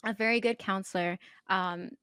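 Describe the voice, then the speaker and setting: A woman's voice: mid-range voice, fairly even intonation, normal speed, a bit bright, clear, resonant tone, dry recording, clean studio sound. A woman hosting a podcast in a shy, giggly, earnest casual chat over a video call. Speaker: podcast host.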